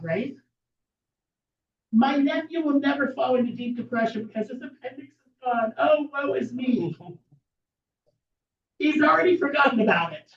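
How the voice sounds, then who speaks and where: A woman giving a persuasive presentation at a meeting, emphatic and fond of rhetorical questions. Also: mid-range voice. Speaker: speaker at a political meeting. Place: meeting hall. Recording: echoey room from far off, dull lo-fi.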